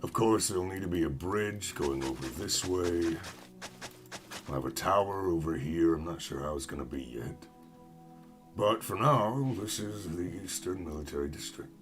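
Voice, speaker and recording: A young American man chatting casually with viewers while playing a game, rambling and self-mocking. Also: low-pitched. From United States. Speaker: gaming streamer.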